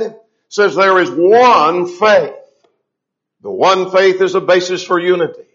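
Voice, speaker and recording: A man preaching a sermon, slowing down to stress scripture and asking the congregation questions. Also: high-pitched, fairly bright tone. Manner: emphatic, slows down to stress scripture. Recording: dull lo-fi recording.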